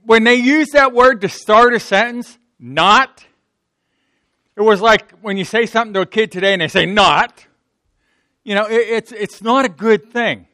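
A Pittsburgh-accented man preaches a sermon in a folksy, conversational way. His voice sits high and bright. The sound is close and dry. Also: a little fast, hardly any pauses, no room sound. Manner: conversational, folksy, acts out quotes. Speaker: pastor.

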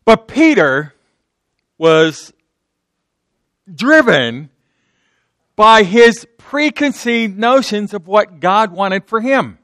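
A man's voice: high-pitched, big pitch swings, extremely slow, pauses often, fairly bright tone, no room sound, studio quality. A man with a slight sore throat, preaching an unscripted sermon in church, often repeating words and restarting sentences. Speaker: pastor. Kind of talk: off-the-cuff sermon.

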